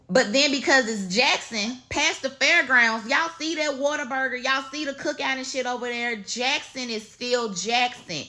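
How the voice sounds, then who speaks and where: A woman with a Mississippi Southern accent giving a blunt, profane, casual rant to her viewers. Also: medium pitch. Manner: blunt, profane, lively storytelling. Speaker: social media commentator.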